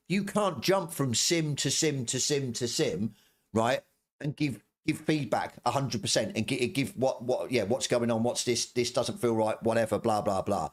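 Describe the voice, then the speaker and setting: On his stream, a middle-aged man with an average-pitched voice launches into a heated, profane rant at normal speed. As his anger rises he stumbles, restarts, and repeats phrases in angry ranting commentary.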